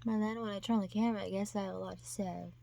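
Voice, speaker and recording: A woman's voice: medium pitch, fairly even intonation, very fast, vocal fry, warm tone. A woman vlogger chatting casually to her camera, rambling and self-deprecating with lots of restarts.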